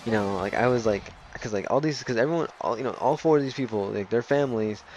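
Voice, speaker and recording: A man's voice: medium pitch, quick pace, a little mellow, slight background noise, poor audio. A man casually commenting over a game he plays, rambling with frequent swearing and fillers. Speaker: let's play commentator.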